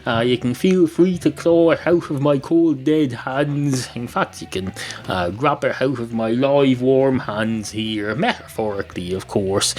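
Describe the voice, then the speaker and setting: Man, comedy podcast host, deadpan, rambling, hesitant, self-deprecating, mid-pitched. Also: measured pace.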